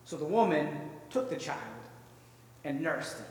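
A man with a fairly high voice preaches a sermon, spinning the story in a lively, conversational way and asking his listeners to picture each scene. His voice booms around a large hall with a long echo and is picked up from well away from the mic. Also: a little slow. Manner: vivid, conversational, rhetorical questions. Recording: echoey hall, far from mic.

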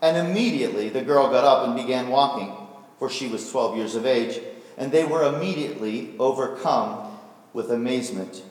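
A male pastor with a medium-pitched voice preaches at a moderate pace, vividly retelling a story and posing rhetorical questions. He sounds distant, recorded in an echoey hall.

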